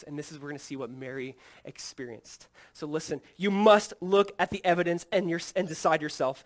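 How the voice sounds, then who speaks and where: A man preaching an Easter sermon as pastor, swinging between loud emphatic peaks and hushed, low passages, acting out quoted voices as he retells scripture.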